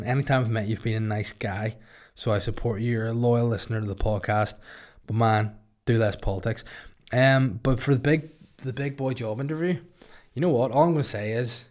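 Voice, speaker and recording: A young Northern Irish man hosts a solo podcast and answers listeners in a loose, rambling chat. His jokes land in a dry, deadpan way, at an ordinary mid pitch. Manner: jokey, rambling, deadpan asides. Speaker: podcast host and stand-up comedian.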